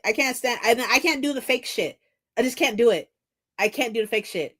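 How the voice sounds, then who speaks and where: Young adult woman, host of a casual stream; blunt, profane, laughs easily, acts out both sides of a story, lively pitch. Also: fairly quick, breathy edge. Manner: blunt, swears freely, laughs a lot. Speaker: book streamer. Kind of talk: casual livestream chat.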